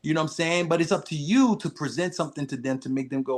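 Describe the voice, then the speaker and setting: A man in a podcast interview, telling stories in a lively way, acting out quoted dialogue and laughing often. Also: a little high, quick pace, few pauses. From Haitian-American. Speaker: actor guest. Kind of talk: animated storytelling in a podcast interview.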